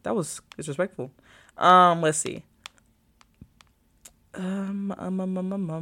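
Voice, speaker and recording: Her voice is fairly low, pushed and bright, and she takes it slowly with long pauses. A young woman in college, she's casually vlogging, rambling to viewers and thinking aloud while searching through her phone.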